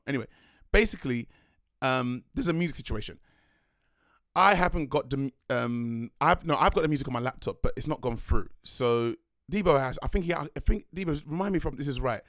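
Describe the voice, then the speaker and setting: A young man, a dance crew leader telling a rambling, excitable story in a vlog. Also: mid-range voice, no room sound, studio quality. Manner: rambling, excitable, slangy, self-correcting.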